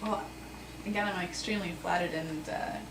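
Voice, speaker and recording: Woman, musician guest, soft and hesitant, off-mic, roomy, noisy. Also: lowish voice, fairly even intonation, moderate pace. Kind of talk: radio interview answers. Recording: roomy, distant, noisy live radio recording.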